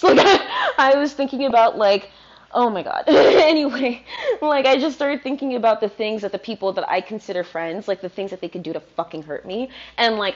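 A woman with a mid-range voice rants loosely and swears often on her podcast, recorded in her apartment. She's from Virginia, and the audio comes through dull.

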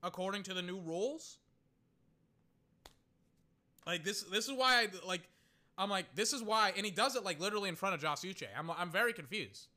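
A young man's casual football commentary, his voice slightly high and edged with brightness. He grumbles through the play-by-play, then flares into exasperated, ranting outbursts. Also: moderate pace, pauses often. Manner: excitable, ranting, swings between muttered play-by-play and loud outbursts. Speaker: sports commentator. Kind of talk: casual live game commentary.

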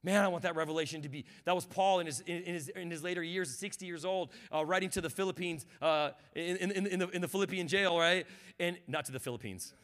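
A man preaching a sermon as guest pastor, building from quiet reflection to shouted fervor and calling on the congregation to respond. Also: high voice, steady tone, quick pace, hardly any pauses.

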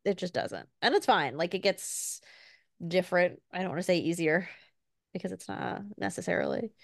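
A woman in her thirties co-hosting a casual podcast, telling stories in an animated way and acting out her toddler's lines. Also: on the low side, normal speed, gravelly, no room sound, studio quality. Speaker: podcast co-host. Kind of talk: casual chat.

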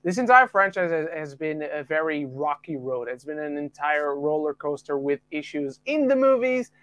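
A man from the UK hosting a casual podcast, reading out listener rankings with quick jokey asides. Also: a little high, very animated, fairly bright tone, muffled recording. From United Kingdom. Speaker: podcast host.

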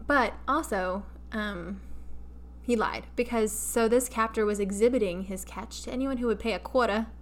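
A woman co-hosting a casual podcast, telling a story in an animated way and adding playful asides. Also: fairly high pitch, moderate pace. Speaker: podcast co-host.

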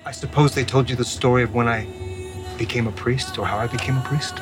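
An earnest priest with a rough past, played by an actor, speaking at a middling pitch. He tells his story plainly in a movie scene. Music plays clearly beneath him. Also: fairly even intonation, fast, lightly acted. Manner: earnest, telling a colorful story. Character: reformed gangster priest, earnest, man. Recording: film clip over music.

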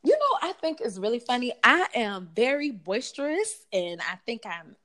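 Woman, coach on a podcast; expressive, slangy, laughs easily. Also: on the high side, moderate pace. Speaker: life coach guest. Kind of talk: casual podcast interview.

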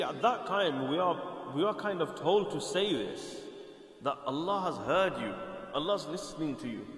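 A man's voice: a little high, a bit bright. Earnest man preaching in an echoey hall. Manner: earnest, explanatory, repeats phrases for emphasis. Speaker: Islamic preacher. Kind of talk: sermon.

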